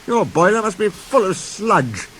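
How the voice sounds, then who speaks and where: A man's voice: sits high, big pitch swings, a little slow, fairly bright tone, slight background noise, pitched above the performer's own voice, exaggerated voice. A man voicing a vain, jealous male tender engine with a pompous, boastful manner.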